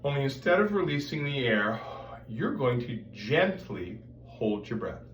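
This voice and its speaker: A man's voice: mid-range voice, big pitch swings, a little slow, a bit bright. A man giving a voice lesson, explaining step by step and breaking off to demonstrate vocal sounds. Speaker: voice teacher. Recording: roomy sound, mic at a distance, faint background noise.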